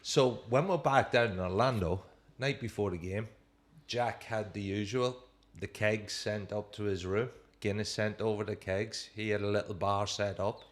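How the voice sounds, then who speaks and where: A man, a former footballer and co-host, telling anecdotes in a casual chat with lively quoting and laughter. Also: on the low side, moderate pace.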